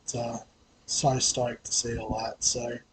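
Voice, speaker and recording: A man's voice: mid-range voice, flat delivery, a little slow, fairly bright tone, a little hiss or hum, poor audio. A man with an Australian accent hosting a fantasy sports vlog, talking casually with lots of hesitations, fillers and restarts. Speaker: fantasy sports channel host.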